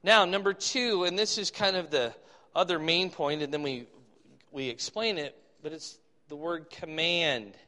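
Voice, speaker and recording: Male pastor, slightly high and bright voice, verse-by-verse sermon, reverberant hall. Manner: reads scripture slowly and loudly, then explains conversationally. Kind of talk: expository sermon.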